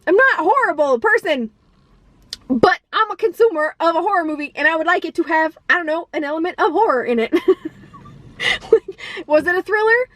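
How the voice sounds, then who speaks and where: High-voiced woman ranting about a movie. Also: expressive, brisk, fairly bright tone, dry recording. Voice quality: profane, exasperated, laughs often. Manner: rambling with many fillers and restarts. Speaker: movie reviewer. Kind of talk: casual ranting movie review.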